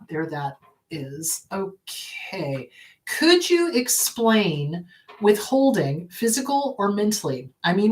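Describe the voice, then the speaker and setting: A woman therapist hosting her show, answering a viewer's question in an emphatic way and acting out what parents say. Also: medium pitch. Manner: animated and emphatic, acts out quoted parents.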